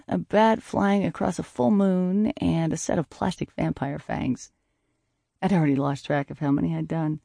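Gravelly, mellow-toned male narrator. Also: sits high, no echo, studio quality. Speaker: audiobook narrator. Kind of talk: first-person audiobook narration.

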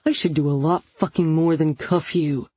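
A woman voicing a brooding, angry adult biker man who speaks low and clipped. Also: steady tone, moderate pace, warm tone, slightly rough, dry recording. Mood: seething.

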